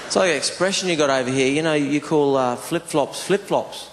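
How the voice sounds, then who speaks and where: Australian comic telling a slow deadpan story. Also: male voice, fairly high pitch, slight background noise. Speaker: stand-up comedian. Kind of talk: stand-up set on stage. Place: large theater stage. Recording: live theater audio with loud crowd and reverb. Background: audience laughter.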